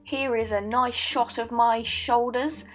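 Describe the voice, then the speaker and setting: A woman's voice: a little high, steady tone, takes it slowly, fairly bright tone, soft background music. A young woman in her late teens from Britain, narrating a painting video in a joking put-on Australian accent, with a playful mock-documentary tone and dry asides. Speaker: art student. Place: voice-over recorded at home.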